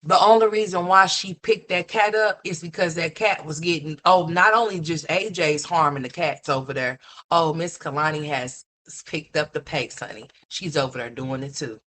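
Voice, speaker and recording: A woman's voice: moderate pace, fairly bright tone, slight background noise. A woman hosting a commentary livestream, scolding and mocking in a blunt, profane ranting style. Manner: mimics others in a higher voice. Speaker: commentary streamer.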